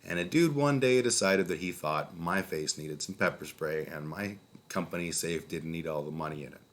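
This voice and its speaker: A man in his thirties from Calgary telling a personal story as a vlogger in a casual monologue, profane and sardonic, with sudden loud outbursts. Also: low voice, normal speed. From Calgary, Canada.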